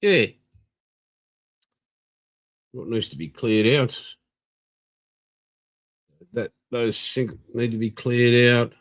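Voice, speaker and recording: A man's voice: medium pitch, steady tone, extremely slow, long pauses, fairly bright tone, rough recording. An older Australian man, tired, hosting a live stream and rambling casually while greeting viewers. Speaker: livestream host.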